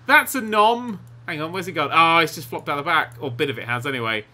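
A young man giving excitable, giggly let's play commentary on a game, with sarcastic asides. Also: sits high, brisk. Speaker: gaming YouTuber.

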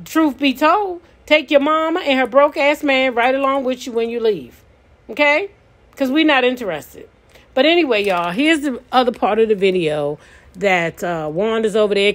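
A woman hosting a commentary channel, talking bluntly and scolding someone, with a casual vlog delivery. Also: fairly high pitch. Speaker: channel host.

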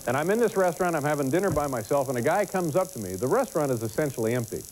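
A man hosting a late-night talk show, telling a rambling joking anecdote with halting restarts, recorded on old broadcast tape. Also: fairly high pitch, lively intonation, darkish tone, slight background noise, rough recording. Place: television studio with live audience.

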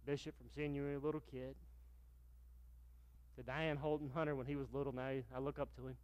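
A man's voice: medium pitch, level tone, fast, a little mellow, smooth, highs cut off. A middle-aged man, a pastor preaching a sermon and telling stories, acting out the dialogue in them. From Virginia, US. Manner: storytelling, acts out dialogue with raised voice.

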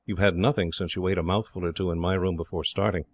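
A man's voice: deep voice, fairly even intonation, quick pace, no room sound. A man voicing a cheerful, protective young Englishman who speaks kindly but firmly.

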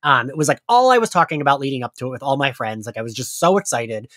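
A man's voice: medium pitch, animated, quick pace, fairly bright tone, no room sound, studio quality. A podcast host in casual chat, a little congested, telling stories and acting out what his friends said. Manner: chatty storyteller, acts out quoted friends. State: congested from crying.

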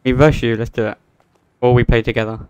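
A young man co-hosting a co-op gameplay video, chatting in a relaxed, rambling way and laughing easily. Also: medium pitch, fast, clean tone, no room sound, lo-fi sound. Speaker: gameplay co-host. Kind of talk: casual co-op gameplay chat.

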